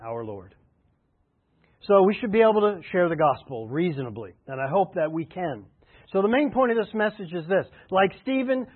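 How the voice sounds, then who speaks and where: A man preaching a sermon as a pastor, emphatic and repeating his key phrases. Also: on the high side. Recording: tinny phone-like radio sound.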